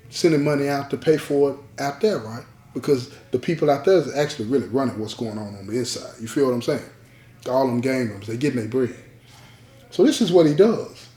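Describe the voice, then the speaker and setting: A male podcast host tells a story in a loose, conversational way, often repeating a line for weight and asking his listeners if they follow him. His voice sits a little high for a man. The recording has a roomy echo. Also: a little mellow. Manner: repeats key lines, checks in with listeners. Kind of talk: casual spoken storytelling.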